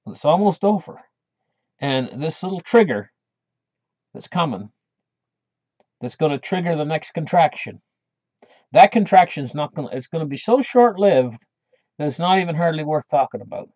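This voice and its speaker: A man's voice: fairly high pitch, expressive, normal speed, pauses often, darkish tone, no echo. A man hosting his own channel, talking in a casual monologue that rambles, with many restarts. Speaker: channel host. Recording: dull lo-fi dry recording.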